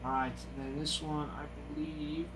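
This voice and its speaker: A man hosting a live trading card break, giving excited, gushing commentary as he reveals each card. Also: a little high, moderate pace, background noise.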